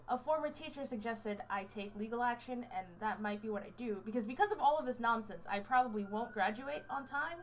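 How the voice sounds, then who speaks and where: A young American woman in her twenties talks straight to her viewers in a loose, meandering way. Her voice sits a little high, and she keeps stopping to restart her thoughts with fillers. She sounds fidgety as she goes. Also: a little fast, hardly any pauses, slight background noise. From United States. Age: 20s. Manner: rambling storyteller, many fillers and restarts. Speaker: college student vlogger. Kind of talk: casual chat. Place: indoors under a hot light.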